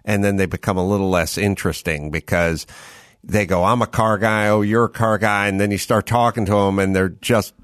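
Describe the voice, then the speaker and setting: Low-voiced male host, dry sound. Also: fairly even intonation, fairly quick, a bit bright, no echo. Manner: rambling, conversational riffs. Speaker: podcast host. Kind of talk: casual chat.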